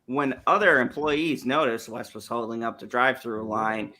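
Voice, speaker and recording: A man's voice: medium pitch, moderate pace, bright, forceful tone. A man hosting a casual podcast, reading articles aloud and laughing often. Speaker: show host reading news articles.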